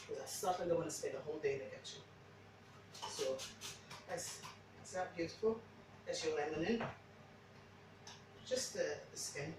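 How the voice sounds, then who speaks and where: A woman's voice: sits low, distant mic, background noise. Chatty woman cooking in an echoey kitchen. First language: not English. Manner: chatty, rambling, frequent restarts. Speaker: home cook. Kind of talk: casual cooking demo. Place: home kitchen.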